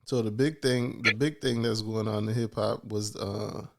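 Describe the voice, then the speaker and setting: A man's voice: lowish voice, steady tone, moderate pace, creaky, background noise. A man co-hosting a podcast in casual chat, laid-back and blunt, swearing freely. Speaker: podcast co-host.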